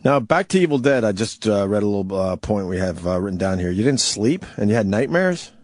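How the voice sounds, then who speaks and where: A man's voice: fairly low pitch, lively intonation, fairly quick, a little hiss or hum. A male radio co-host who keeps chiming in with short reactions and questions for the guest. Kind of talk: casual radio interview.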